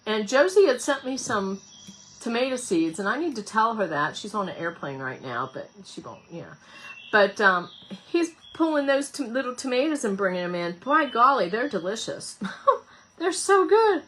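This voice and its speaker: A woman's voice: mid-range voice, lively intonation, moderate pace, fairly bright tone, a little hiss or hum. A woman, chatting, giggling and rambling as she hosts a home craft livestream and reads viewer comments. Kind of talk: casual chat while crafting.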